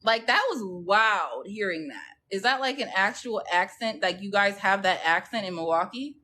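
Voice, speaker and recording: A woman's voice: medium pitch, lively intonation, normal speed, bright, forceful tone. Chatty, gossipy woman livestreaming. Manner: chatty, gossipy, slangy, keeps checking in with "okay?". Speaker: true crime livestream host. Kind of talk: casual chat with live viewers.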